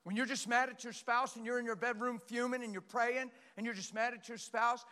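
A middle-aged male pastor preaching with passion, swinging between shouts and quiet, earnest talk. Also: very high voice, moderate pace, few pauses. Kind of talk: sermon. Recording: long hall reverb.

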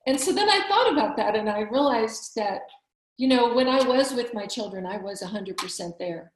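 A woman's voice: on the high side, animated, brisk. A woman in her fifties, a physician, giving heartfelt, emphatic encouragement in a conversation. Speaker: physician, summit speaker. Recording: roomy echo.

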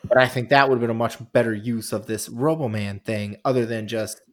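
A man's voice: mid-range voice, fairly quick. A man co-hosting a podcast, retelling events in a rambling, giggly way. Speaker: podcast co-host. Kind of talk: casual wrestling chat.

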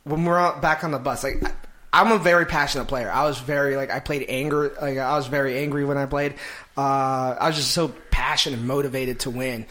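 A comedian chatting as a guest, excitable and loose, with frequent laughs, swearing and restarts. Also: male voice, mid-range voice, brisk. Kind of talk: casual chat.

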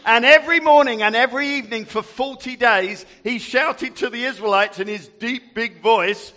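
A man's voice: very high voice, moderate pace, hardly any pauses, sharp tone. A man leading a group through a Bible story, casting volunteers and reading aloud in a jovial, chatty way. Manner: jovial, chatty, laughs often. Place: large hall with a group. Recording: echoey hall.

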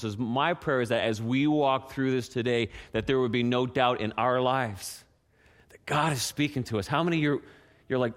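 A man preaching a sermon as pastor, animated and acting out the scripture voices, dropping to a soft hush for prayer. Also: medium pitch.

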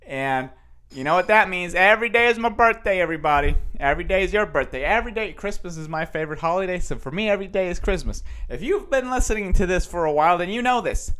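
A young man hosting a goofy solo podcast, talking casually and pumping himself up with repeated phrases about doing better. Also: on the high side. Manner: animated and self-motivating, with repeated catchphrases. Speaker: podcast host and stand-up comedian.

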